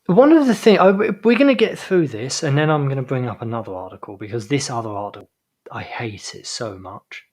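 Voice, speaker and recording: A man's voice: medium pitch, brisk, slightly rough. Fussy, emphatic man podcast co-host. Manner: fussy, emphatic, animated rants. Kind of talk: casual opinionated chat.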